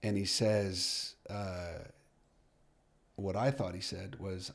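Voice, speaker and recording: A middle-aged man, a soccer coach, telling a story as a podcast guest, lively and full of restarts as he acts out the dialogue. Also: low-pitched, takes it slowly, vocal fry. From United States.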